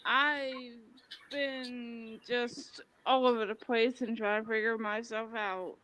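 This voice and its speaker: A woman speaking in a hesitant, halting way during a casual livestream chat. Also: fairly high pitch, level tone, bright, forceful tone, slight background noise, low-quality recording.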